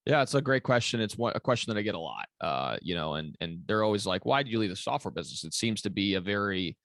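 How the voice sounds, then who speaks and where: A man's voice: on the low side, expressive, fast, fairly bright tone, no room sound, studio quality. A man giving long, rambling interview answers as a commercial real estate broker, with many fillers and restarts. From Kentucky.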